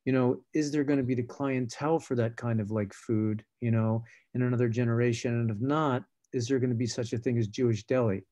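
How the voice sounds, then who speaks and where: Mellow-voiced rambling man guest. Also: mid-range voice, steady tone, brisk, hardly any pauses. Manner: rambling with many fillers and restarts. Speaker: film director and guest. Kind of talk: casual panel talk.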